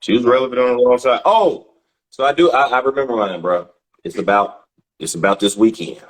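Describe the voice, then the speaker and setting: A man's voice: mid-range voice, a little fast, low-quality recording. A man co-hosting a casual podcast, talking bluntly and with swearing about sports and daily life. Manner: blunt, profane, animated. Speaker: podcast co-host. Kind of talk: casual chat.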